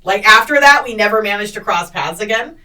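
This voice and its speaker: Bright punchy woman ranting a story on a podcast, lots of swearing, kinda far off the mic. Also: medium pitch, a little fast. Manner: profane, animated storytelling with acted-out quotes. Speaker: podcast co-host. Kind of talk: casual storytelling chat.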